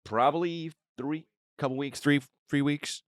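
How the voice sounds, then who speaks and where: A man's voice: a little high, measured pace, no room sound, studio quality. A male comedian hosting a podcast, chatting casually and telling stories with lots of acted-out bits. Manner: animated storyteller, acts out bits and impressions. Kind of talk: casual chat.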